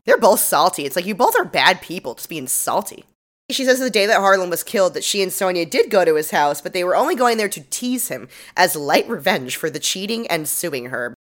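A woman's voice: lowish voice, lively intonation, brisk. A young woman co-hosting a podcast, recapping a TV episode in casual, sarcastic chat, swearing freely and laughing often. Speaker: podcast co-host.

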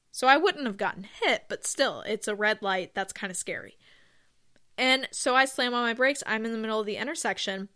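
A woman hosting her own podcast, rambling through casual stories with self-deprecating asides and bursts of excitement. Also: medium pitch. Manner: gushes with excitement. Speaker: podcast host. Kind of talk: casual solo podcast chat.

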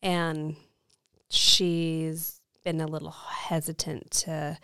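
A woman's voice: deep voice, little pitch movement, drawn-out words, bright, forceful tone, clean tone, dry recording, studio quality. A woman in her thirties co-hosting a faith podcast, telling a story earnestly and with emotion. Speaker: podcast co-host.

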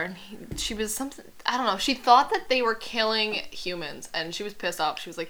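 A woman's voice: mid-range voice, fairly quick, few pauses, sharp tone. A young woman co-hosting a casual podcast, retelling a story in a blunt, sarcastic way with plenty of swearing. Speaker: podcast co-host. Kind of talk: casual chat.

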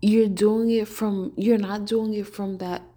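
A woman hosting a podcast, talking in a relaxed, conversational way and telling stories with lots of "like"s. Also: medium pitch, a little slow. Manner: animated storytelling. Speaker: podcast host. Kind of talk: casual spiritual talk.

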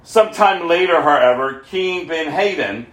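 A man's voice: on the high side, expressive, moderate pace, fairly bright tone. A man preaching a sermon, reading scripture aloud and breaking off with asides to the listeners. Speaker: pastor. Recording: roomy echo.

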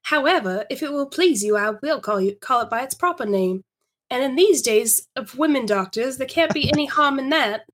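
Woman reading high, prim Victorian girl, breathless confiding storyteller. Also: expressive, normal speed, a bit bright. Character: prim Victorian young woman telling a secret.

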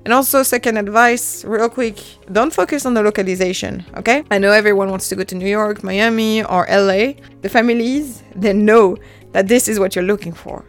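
A woman's voice: medium pitch, a little fast, faint music behind. A woman in her thirties with a French accent, hosting her own podcast in a chatty, self-deprecating way and laughing often. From France. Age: 30s. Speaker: podcast host. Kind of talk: casual solo podcast monologue.

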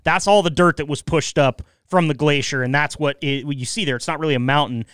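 A man hosting a laid-back podcast, his voice smooth and a touch high. He teases his guest easily and swears now and then. The sound is dry and close. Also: a little fast, a bit bright, dry recording. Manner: easygoing, teasing, swears casually. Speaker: podcast host. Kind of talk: casual chat.

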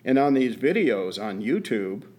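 A man's voice: mid-range voice, big pitch swings, a little slow, a little mellow. A man co-hosting a podcast, telling a story in a folksy, easygoing way with many fillers and restarts. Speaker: podcast co-host. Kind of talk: casual chat.

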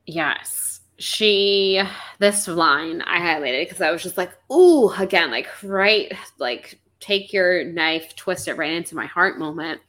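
A woman's voice: fairly low pitch, takes it slowly. A young woman co-hosting a casual book podcast, chatting animatedly and acting out characters' lines. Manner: animated, acts out characters' lines with big swoops. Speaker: podcast co-host. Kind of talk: casual book-club chat.

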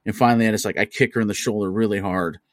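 A man hosting a casual podcast chat over drinks, telling stories in a profane, animated way. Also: fairly low pitch, rapid-fire, background noise. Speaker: podcast host.

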